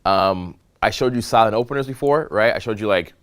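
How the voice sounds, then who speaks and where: With a fairly low voice and a clean tone, a dating and social skills coach leads a live social skills seminar. He acts out examples in an animated, demonstrative manner and checks on the room with quick "okay?" and "right?" prompts.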